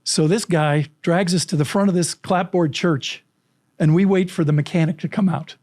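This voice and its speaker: Animated storytelling man, slightly high voice. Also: moderate pace, no room sound, clean studio sound. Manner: vivid anecdotes, acting out quoted voices. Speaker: guest, storytelling coach.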